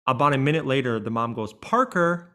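A man's voice: mid-range voice, moderate pace. Man telling stories casually on a podcast. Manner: relaxed storytelling with frequent fillers. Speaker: podcast co-host. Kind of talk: casual chat.

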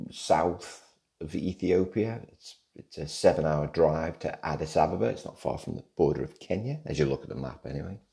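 A man with a very low, gravelly voice and a dark, mellow tone hosts a casual solo podcast. He talks in a loose, rambling way and drops joking asides along the way. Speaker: podcast host. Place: home in Australia.

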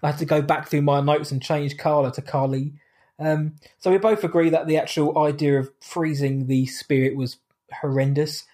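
A man's voice: fairly high pitch, fairly even intonation, normal speed, a little mellow. A man co-hosting a podcast, rambling through a film's plot with wry asides. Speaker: podcast co-host. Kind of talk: casual film review chat.

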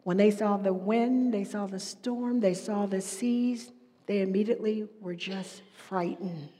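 A middle-aged woman preaching a sermon, moving between hushed whispers and loud, emphatic passages. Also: mid-range voice, unhurried. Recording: long echoey hall reverb.

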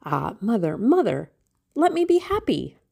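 A woman's voice: mid-range voice, expressive, unhurried, creaky, warm tone. A woman reading an audiobook voices a young girl in love, eager and pleading. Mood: pleading joy. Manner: breathless, pleading.

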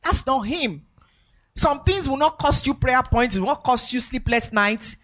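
A woman's voice: high-pitched, lively intonation, moderate pace, fairly bright tone. A woman preaching a sermon, emphatic and repetitive, with sing-song rises in her voice.

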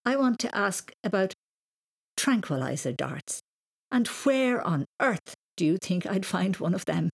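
A woman voicing a kind, playful father in a storybook reading, teasing gently. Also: mid-range voice, expressive, unhurried, creaky, husky, exaggerated voice.

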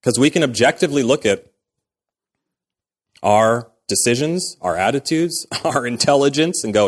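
A man's voice: mid-range voice, animated, normal speed. A man in his thirties, a pastor giving a sermon in a conversational way, acting out quoted dialogue as he goes.

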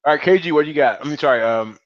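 A man's voice: on the high side, very fast, no echo, dull audio. A man hosting a casual chat, talking in long rambling runs and laughing often.

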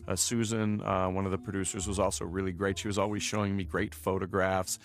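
A film director giving a loose, rambling commentary track with lots of filler words. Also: male voice, sits low, level tone, fairly quick.

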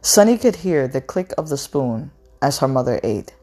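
A woman reading a novel aloud in a measured, unhurried way, with an occasional stumble over a word. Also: a bass voice, very animated, warm tone, husky, faint music behind.

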